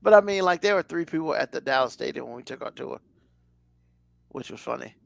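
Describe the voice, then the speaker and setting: A man's voice: fairly high pitch, animated, brisk, gravelly, no room sound. A man co-hosting a podcast, chatting casually in a rambling way full of fillers. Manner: rambling, loose, lots of fillers. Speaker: podcast co-host. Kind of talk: casual chat.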